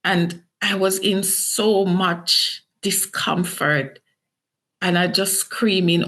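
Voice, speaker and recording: A fairly low, steady, fairly bright voice belongs to a middle-aged Jamaican woman speaking slowly. She's an author telling her life story in an interview, earnest and emotional, with acted quotes.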